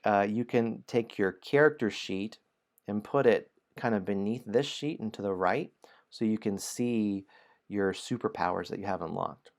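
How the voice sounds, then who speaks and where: Low-voiced man explaining a game. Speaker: host of a game stream. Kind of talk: reading adventure story, explaining game rules.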